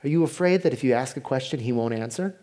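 A man preaching a sermon as pastor, in a conversational way, dropping to a hushed voice when he voices prayers. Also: medium pitch, fast talker.

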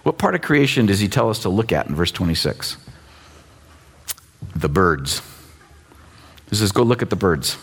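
A man in his fifties preaching a sermon as pastor, in a conversational, animated way with teasing asides. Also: fairly low pitch, moderate pace, pauses often, slightly rough. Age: 50s.

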